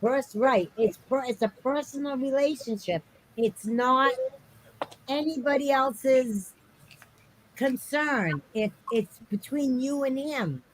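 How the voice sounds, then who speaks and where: A woman in a casual chat, quick to agree and affirm what others say. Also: high-pitched, slight background noise, low-quality recording.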